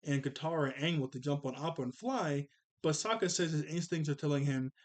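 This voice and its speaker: Chatty man recapping a cartoon, slightly high. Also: a little fast. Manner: rambling, chuckling, self-correcting. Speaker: cartoon episode reviewer and host. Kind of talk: casual episode recap.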